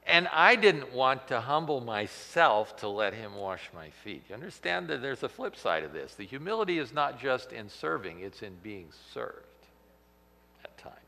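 A man teaching through a Bible passage as a pastor, animated and acting out the quotes with sudden loud emphasis. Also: medium pitch, moderate pace, vocal fry. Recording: long hall reverb.

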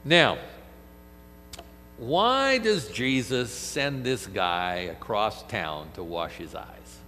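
Lively preacher in an echoing hall. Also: male voice, fairly low pitch, extremely slow. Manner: animated, fires off rhetorical questions, acts out quoted speech. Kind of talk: sermon. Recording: long hall reverb with mains hum.

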